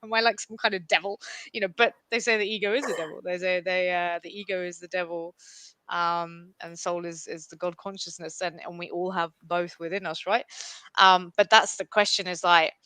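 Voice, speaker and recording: A woman's voice: on the low side, normal speed, clean tone. A woman co-hosting a casual podcast, talking emphatically about spirituality and the ego. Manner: animated, emphatic, shifting pace. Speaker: podcast co-host.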